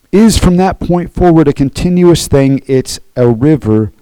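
A man's voice: fairly high pitch, expressive, measured pace, hardly any pauses, warm tone, smooth, no echo, low-quality recording. A man preaching a sermon as pastor, earnest, often checking in with the congregation by asking "okay?".

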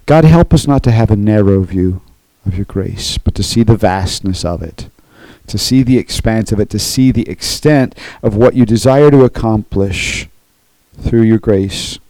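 A man's voice: on the low side, normal speed, warm tone, no room sound, poor audio. A man preaching a sermon as pastor, earnest, often checking in with the congregation by asking "okay?".

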